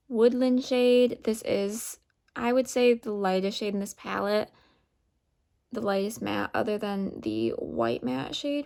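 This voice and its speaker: A woman narrates a makeup tutorial in an unhurried, step-by-step way. Her voice sits a little high, with a lot of vocal fry. She talks slowly and evenly as she explains each step. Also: a little mellow. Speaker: beauty vlogger.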